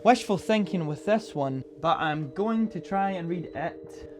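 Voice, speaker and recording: A man with a slightly higher voice talks through his monthly reading in a loose, rambling way. He pokes fun at himself as he goes. Faint guitar music plays behind him. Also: lively intonation, measured pace. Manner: rambling and self-deprecating. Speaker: book vlogger. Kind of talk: casual book review chat.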